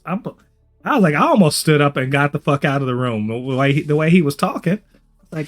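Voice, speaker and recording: A man's voice: on the high side, animated, a little fast, fairly bright tone, faint music behind. A man co-hosting a TV review podcast, chatting animatedly with lots of swearing and restarts. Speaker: podcast co-host. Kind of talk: casual review chat.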